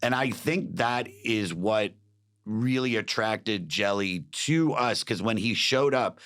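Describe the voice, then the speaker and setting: A comedian guest on a casual podcast tells stories, swearing freely and acting out what other people said. His voice sits fairly low with a fairly bright tone, and he speaks at a slow pace.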